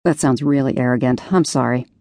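A woman's voice: very deep voice, a little fast, warm tone, no room sound, studio quality. A woman voicing a charming young male singer who talks in an easygoing, slightly sheepish way.

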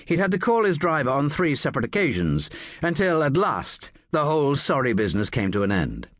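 A man narrating a thriller audiobook in a measured, expressive storytelling manner on a close studio mic. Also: fairly high pitch, no echo.

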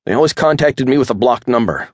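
A man voicing a scared young male vampire prisoner who whines and squeals in a high-pitched voice. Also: lively intonation, fast talker, no room sound, studio quality, lightly acted. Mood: whiny, panicked.

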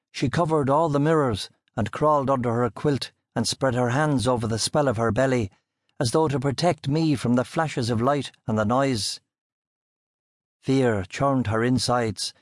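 A man giving measured, scripted audiobook narration into a close studio mic. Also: medium pitch, no echo.

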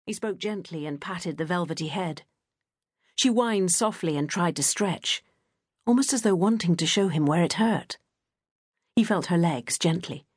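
A woman reading an audiobook in a gentle, measured storytelling manner. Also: fairly low pitch, husky, dry recording, studio quality. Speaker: audiobook narrator. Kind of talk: scripted narration.

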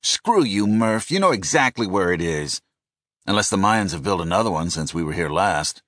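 A man's voice: low voice, animated, normal speed, fairly bright tone, no echo, studio quality. A man voicing a nervous, profane male co-pilot in an audiobook who grumbles and snaps. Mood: grumbling. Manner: jumpy, grumbling.

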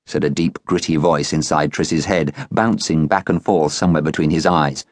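A man reading a children's novel aloud as an audiobook narrator, in a calm storytelling manner. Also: normal speed, hardly any pauses, no echo, clean studio sound. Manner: calm storytelling, lively pitch. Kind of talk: scripted narration.

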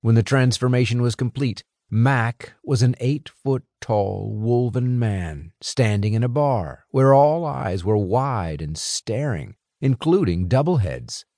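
A man narrating a fantasy audiobook in a dramatic, expressive way, close to a studio mic. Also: mid-range voice, slow, hardly any pauses, no room sound. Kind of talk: scripted narration.

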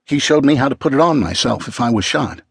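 A man's voice: medium pitch, animated, fast, vocal fry, slightly rough, no room sound, clean studio sound, pitched above the performer's own voice. A male narrator voicing a determined young female college student who speaks urgently.

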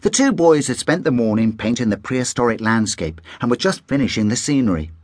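A man narrating a children's audiobook in an animated storytelling manner, close on a studio mic. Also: medium pitch, fairly quick, dry recording.

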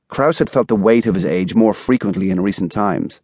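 Low-voiced man narrating an audiobook. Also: normal speed, few pauses, a little mellow, no echo, clean studio sound. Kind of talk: scripted narration. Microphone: studio microphone.

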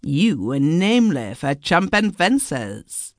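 A woman's voice: low-pitched, very animated, slow pace, no room sound, clean studio sound, exaggerated voice. A woman voicing a jovial middle-aged Scottish steamboat captain who speaks in broad dialect. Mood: hearty.

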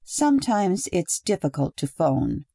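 A woman voicing a calm, detached young husband. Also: high voice, creaky, slightly rough, no echo, studio quality, full character voice. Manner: measured, slow and even.

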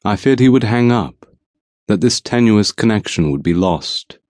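A man narrating an audiobook in first person, measured and brooding, on a studio microphone. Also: on the low side, lively intonation, darkish tone, no room sound.

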